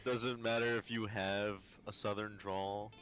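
A man's voice: fairly low pitch, little pitch movement, measured pace, a bit bright, faint music behind. A man playing in a tabletop game, chiming in with wry, teasing remarks. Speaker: player. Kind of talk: casual game chat.

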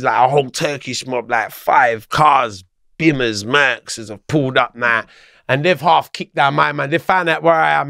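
Gravelly London man telling a story. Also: a little high, dry recording, clean studio sound. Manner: animated, swearing, slangy. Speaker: podcast guest. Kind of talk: casual storytelling.

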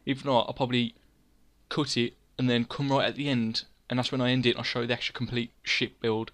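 A young Englishman hosts a gaming channel, chatting casually over his gameplay in a mid-range, level, brisk and slightly bright voice. He rambles and mocks himself, scolding himself in the third person.

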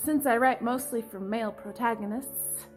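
Over soft background music, a young woman in her twenties talks at normal speed in a slightly high voice. It's a casual confessional vlog about her writing, full of self-mocking drama, frequent laughter, and theatrical cries of mock despair.

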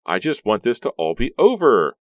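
A man's voice: mid-range voice, wildly swooping pitch, moderate pace, no echo, studio quality, pitched above the performer's own voice. A man voicing a whiny scared teen girl. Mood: pleading. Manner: whining, begging. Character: whiny frightened teenage girl.

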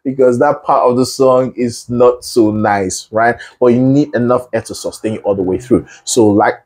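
A man's voice: mid-range voice, moderate pace, darkish tone. A man coaching a student through a singing lesson, explaining breath control with analogies and encouragement. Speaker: vocal coach.

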